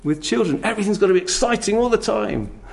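Male preacher, gravelly, a touch high, chatty and animated sermon style. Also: brisk. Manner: conversational, animated, with rhetorical questions and playful voices for children.

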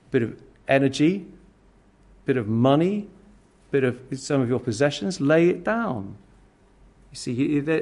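A man delivering a sermon in a rather high voice that rises and falls with lots of movement. His tone has a gravelly, creaky texture. He drops from strong emphasis to hushed asides and slips into scornful character voices as he makes his points. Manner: expressive, swings between loud emphasis and near-whispered asides; acts out scornful attitudes in quoted voices. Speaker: preacher.

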